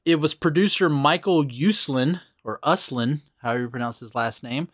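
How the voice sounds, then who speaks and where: A man's voice: mid-range voice, quick pace, no room sound, clean studio sound. A man hosting a podcast, chatting casually and walking through background facts. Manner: relaxed, explains background facts. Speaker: podcast host.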